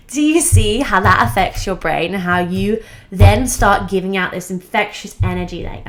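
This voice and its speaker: A young woman talking straight to camera about self-improvement, bubbly and emphatic. Her voice sits at an ordinary middle pitch for a woman, and she often breaks into a laugh as she talks. It is a casual, upbeat motivational chat. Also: moderate pace.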